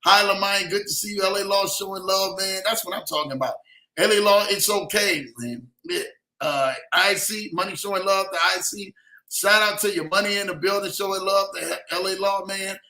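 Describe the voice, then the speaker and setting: A young man hosting a livestream, giving heartfelt motivational talk with lots of "man" and "y'all" and reading shout-outs to his chat. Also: sits high, fairly even intonation, normal speed, roomy sound, low-quality recording. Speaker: livestream host.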